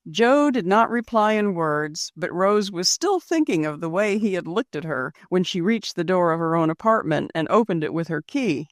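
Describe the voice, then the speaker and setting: A woman narrating a classic girls' story as an audiobook reader, with expressive storytelling. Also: on the low side, moderate pace, few pauses, dry recording, studio quality. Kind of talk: scripted narration.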